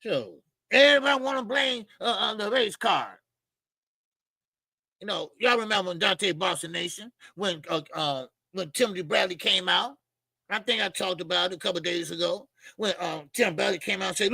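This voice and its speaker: Speaking at a normal pace in a high, gravelly, husky voice that comes across pushed and bright, a man rants about boxing on his channel in a dry recording. He's blunt, profane and mocking, leans on fillers constantly, and keeps repeating phrases.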